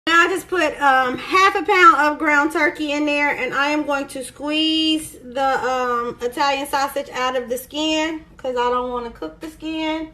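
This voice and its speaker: A woman's voice: high-pitched, measured pace, hardly any pauses, bright, forceful tone, low-quality recording. A woman hosting a home cooking video, chatty and explaining each step as she cooks in her kitchen. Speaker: cooking show host. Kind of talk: casual cooking demonstration.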